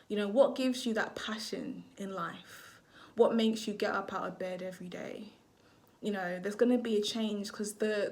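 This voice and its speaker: A woman astrologer talking casually to camera, rambling, swearing freely and often losing her train of thought. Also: mid-range voice.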